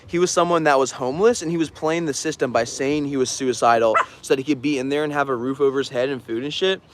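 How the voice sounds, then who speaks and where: On a livestream auction, this artist's fairly high, slightly bright voice wanders through casual stories packed with fillers and laughs. A little hiss or hum sits under the recording.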